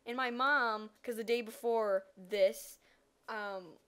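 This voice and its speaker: Lively teenage girl telling a story. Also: fairly high pitch, slow, clean tone. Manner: animated, dramatic retelling with acted-out quotes. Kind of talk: casual storytelling vlog.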